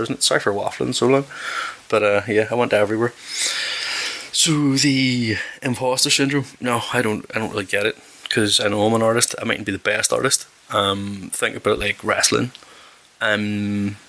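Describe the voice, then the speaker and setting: A man's voice: fairly low pitch, gravelly, pushed and bright. A man from West Belfast with a Northern Irish accent, chatting casually and profanely as a podcast host, rambling and restarting his sentences. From West Belfast, Northern Ireland. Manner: rambling and profane, self-correcting, with repeated restarts. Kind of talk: casual chat.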